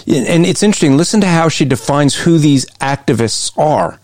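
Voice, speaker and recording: Male co-host, pushy and emphatic, slightly raised pitch, breaks down clips for listeners. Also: animated, brisk, darkish tone, no echo. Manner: emphatic, argumentative, often shifts pace. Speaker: podcast co-host. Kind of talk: commentary on played interview clips.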